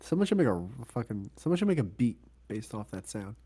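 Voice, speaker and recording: A man's voice: on the low side, sing-song, brisk, dark tone, husky. A man co-hosting a casual podcast over a remote call, teasing his partner, swearing freely and laughing often. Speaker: podcast co-host.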